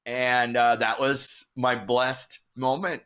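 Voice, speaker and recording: A middle-aged man, a guest artist, telling a story casually, animated and swearing, acting out the voices of people he met. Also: medium pitch, slow pace, smooth. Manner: animated, swearing, acts out dialogue.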